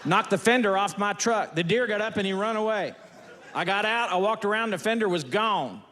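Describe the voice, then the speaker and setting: A man's voice: high voice, brisk, bright, forceful tone, long reverb tail, a little hiss or hum. A man performing a stand-up routine, firing off folksy one-liners on stage before a laughing audience. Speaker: stand-up comedian.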